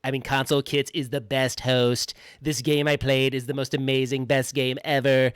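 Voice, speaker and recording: A man's voice: medium pitch, flat delivery, normal speed, clean tone, no room sound, studio quality, close to an everyday voice. A man doing a comic impression of a brash, boastful rich male politician who brags in superlatives. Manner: bragging in superlatives.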